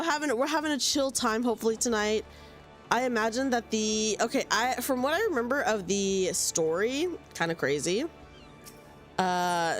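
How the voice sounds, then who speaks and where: Chatty young woman streaming a game. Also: on the high side. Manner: chatty, giggly, talks to chat with many restarts. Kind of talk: casual live-stream chat while playing.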